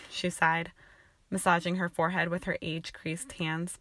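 A woman narrating a fan-fiction audiobook with an even, steady reading. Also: lowish voice, moderate pace, no room sound, clean studio sound.

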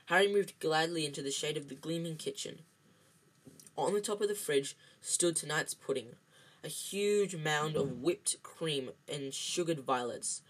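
This is an amateur read-aloud of a novel, full of word slips, restarts and filler ums. The reader's voice is mid-range and unhurried, and the audio is poor.

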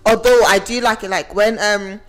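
A woman's voice: medium pitch, steady tone, normal speed. A young woman born in the UK who lived in Nigeria for a while, co-hosting a podcast in casual chat, hesitant and rambling with frequent laughs. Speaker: podcast co-host.

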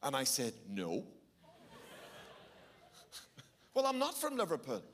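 A middle-aged man with a Belfast accent, preaching a sermon and telling a lively story with shifting pace for emphasis. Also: on the high side, extremely slow, a little hiss or hum. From Northern Ireland. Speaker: pastor.

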